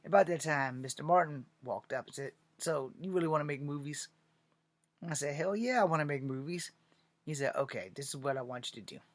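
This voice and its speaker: A fairly high-pitched man from Virginia, talking briskly on an echo-free recording, shares a lengthy story of chasing filmmaking. He swears a lot, stays animated, and acts out what others told him in this casual monologue.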